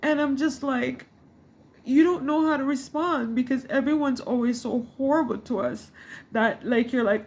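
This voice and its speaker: A woman's voice: a little high, normal speed. A middle-aged woman from the Caribbean, talking to camera in a rambling, frustrated way with many restarts. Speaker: vlogger. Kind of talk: casual talk to camera. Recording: faint background noise.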